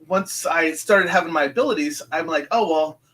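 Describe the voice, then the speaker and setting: A man's voice: fairly high pitch, moderate pace, bright, forceful tone, rough recording. A man in his fifties, a guest telling stories in a casual interview, rambling with many fillers and restarts and acting out what people said. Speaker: guest, psychic medium.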